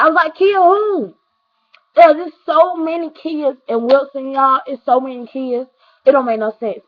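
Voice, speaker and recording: A young woman telling a personal story to her viewers, earnest and rambling, often repeating herself and talking straight to the audience. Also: high voice. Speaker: vlogger. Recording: dull lo-fi recording.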